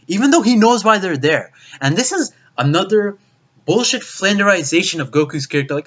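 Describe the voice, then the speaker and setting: A man's voice: sits high, very animated, brisk. A young man delivering a profane, exasperated video review rant, with frequent restarts. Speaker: anime reviewer. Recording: dull lo-fi recording.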